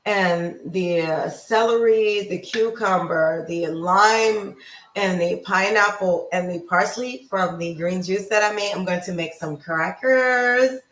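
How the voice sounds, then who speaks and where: A woman hosting a casual livestream, chatty and upbeat, greeting viewers by name and wandering between topics, slowing down to pronounce foreign words. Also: fairly bright tone, reverberant, poor audio. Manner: slows down to pronounce foreign words with bursts of high pitch. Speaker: lifestyle and nutrition livestream host.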